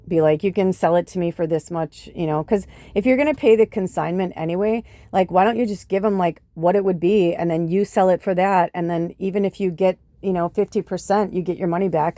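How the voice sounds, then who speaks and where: A woman's voice: on the low side, brisk, mellow, dry recording. A middle-aged woman hosting a podcast, chatting casually, swearing freely and acting out what people said. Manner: chatty, swears often, acts out quotes. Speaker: podcast host. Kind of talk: casual chat.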